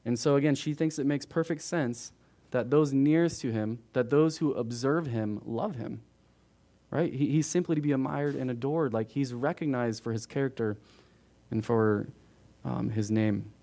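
A man teaches verse by verse through scripture in a relaxed, conversational way. His voice sits at a medium pitch, and he keeps turning to his listeners with quick asides. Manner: conversational, frequent "right?" asides to the room. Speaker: pastor. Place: church.

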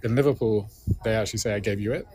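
A man's voice: on the low side, racing, a little mellow, slightly rough, no echo. A man, a linguist being interviewed, explains a point casually with examples, often checking in with "right?". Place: busy conference venue.

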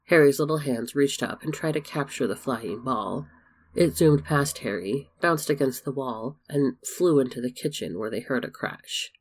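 Gravelly male storyteller. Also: medium pitch, moderate pace. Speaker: narrator. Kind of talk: storybook fan fiction reading.

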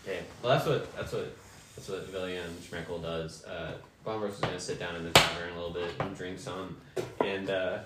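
A man's voice: low-pitched, steady tone, fairly quick, reverberant, heavy background noise. A man playing in a tabletop game, talking casually and hesitantly with many fillers. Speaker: player.

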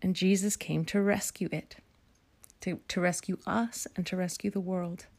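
Lowish woman's voice, a bit of vocal fry, reflective devotional talk, soft and hesitant, slips into near-whispers. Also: steady tone, normal speed. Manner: reflective, soft-spoken, with hesitant fillers and self-corrections; drops to near-whispers at times. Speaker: speaker giving a devotional talk.

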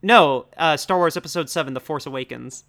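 A man's voice: a little high, fairly quick, gravelly, fairly bright tone. A young man co-hosting a casual podcast about films, rambling with lots of "like" fillers and easy laughs. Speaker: podcast co-host. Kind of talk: casual film discussion.

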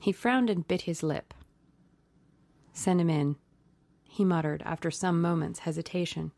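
A woman reads an audiobook aloud in a steady, measured way. Her voice sits low and carries a gravelly fry. The recording is dry and close, with no room echo. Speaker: audiobook narrator. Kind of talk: scripted audiobook narration.

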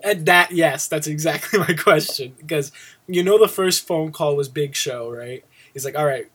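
Man, casual podcast chat, excitable, quick laughs, slightly high voice. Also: husky. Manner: excitable, laughs often, restarts words. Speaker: podcast co-host.

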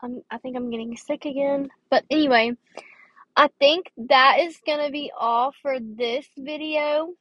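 A young woman talks through her podcast in a loose, rambling way, full of fillers and restarts, tired and dry-throated. Her voice sits a little high. The recording is dry and slightly muffled. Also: steady tone, a little slow, no echo. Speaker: podcast host. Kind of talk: casual advice podcast.

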